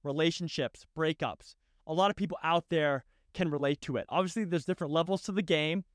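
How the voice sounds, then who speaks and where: A man's voice: on the high side, a little fast, dry recording, clean studio sound. A young man hosting a podcast, telling a personal story in a casual, heartfelt way and often tagging on "right?" and "dude". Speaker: podcast host.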